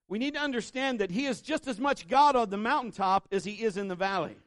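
A man's voice: high-pitched, dry recording, clean studio sound. A man preaching a sermon at a church service in a casual, storytelling way that leans toward conversation. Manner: conversational, animated storytelling with acted-out quotes. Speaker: pastor.

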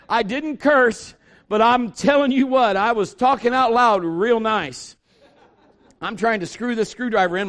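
A middle-aged pastor preaches in a high, light voice, spinning a folksy, humorous story. He slips into quick impressions of the people he quotes and then eases back into plain sermon talk.

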